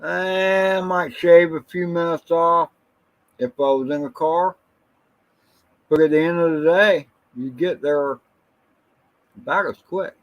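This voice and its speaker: A man's voice: on the high side, low-quality recording. A man hosting a casual livestream who reminisces in a rambling way and greets viewers from the chat by name. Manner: slow, rambling, reminiscing storyteller. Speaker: drone channel livestream host.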